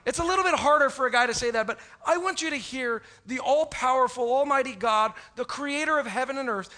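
A man's voice: very high voice, fairly quick, hardly any pauses, sharp tone. A man, a pastor with young sons, giving a chatty, joking Christmas Eve sermon to his congregation. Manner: chatty, joking, with many restarts.

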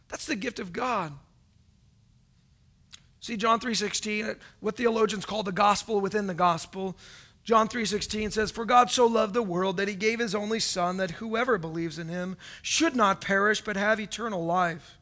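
A male pastor preaching from a stage, his voice pitched high and ringing bright. He delivers the sermon with animated swings, from loud calls to hushed, near-whispered asides, and acts out the voices of churchgoers. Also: unhurried. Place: stage before a congregation.

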